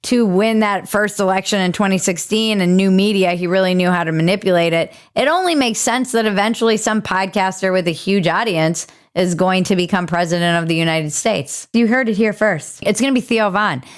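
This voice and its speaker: A woman's voice: mid-range voice, brisk, hardly any pauses, smooth. Woman, podcast host, casual opinionated commentary, irreverent, sarcastic, mid-range voice.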